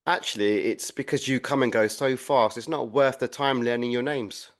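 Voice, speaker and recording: A man voicing a dim, grumbling trooper who says whatever comes to mind. His voice is mid-pitched and plain, delivered flatly and bluntly. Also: moderate pace, natural voice. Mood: grumpy. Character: dim, grumpy male soldier bunkmate. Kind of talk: audio comedy acting.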